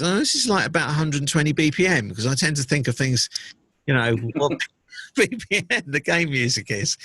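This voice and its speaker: A middle-aged man, a DJ and producer, recalling his career in a casual interview, relaxed and full of fillers. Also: medium pitch, no room sound. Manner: relaxed storytelling with many fillers.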